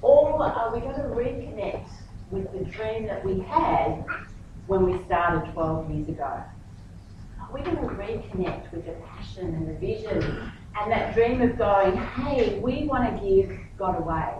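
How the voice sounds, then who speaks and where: A woman's voice: medium pitch, measured pace, background noise. A middle-aged woman pastor giving a sermon in a church hall, telling personal stories and acting out the dialogue. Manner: animated storytelling, acts out dialogue. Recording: echoey hall, distant mic, muffled.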